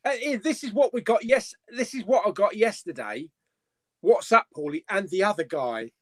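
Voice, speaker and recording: A man hosting a casual live-stream chat, jokey and quick to laugh. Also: sits high, animated, no echo. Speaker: host of a live chat show.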